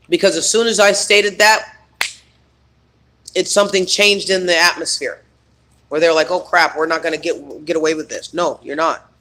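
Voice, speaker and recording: A man's voice: high voice, pushed and bright. A man coaching on trauma healing in a rambling, emphatic spiritual self-help monologue full of fillers.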